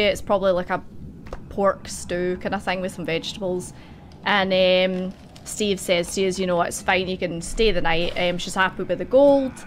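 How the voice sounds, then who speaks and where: A woman's voice: medium pitch, slight background noise. A woman narrating a tabletop game as game master, chatty and giggly.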